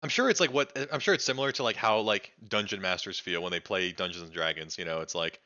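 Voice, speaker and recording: A male streamer casually reacting on a live stream, excitable and rambling, swearing freely with lots of fillers. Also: on the low side, quick pace, muffled recording.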